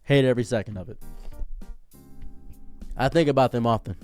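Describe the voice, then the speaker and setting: A man telling a long casual story as a commentary streamer, acting out the dialogue, jumping from loud outbursts to low mutters. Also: a little fast, dry recording, faint music behind. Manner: acts out dialogue in his telling.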